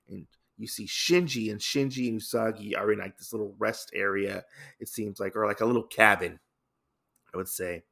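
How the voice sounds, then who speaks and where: A man hosting his podcast, recapping a comic in a relaxed, casual way with many filler sounds. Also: lowish voice, fairly quick, creaky, husky. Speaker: podcast host.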